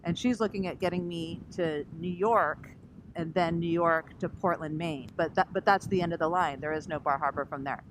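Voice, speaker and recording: A woman's voice: lowish voice, moderate pace. A woman vlogger telling a story casually and with energy, acting out what other people said. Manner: animated, acts out other people's lines. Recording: noisy recording with vehicle sounds.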